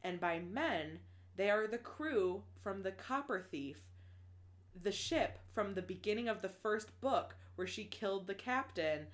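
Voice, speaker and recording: Woman, casual podcast co-host, mid-pitched, animated, swears a lot, laughs easily. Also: unhurried. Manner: animated, swears freely, laughs often, lots of restarts and "like". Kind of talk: casual book recap chat.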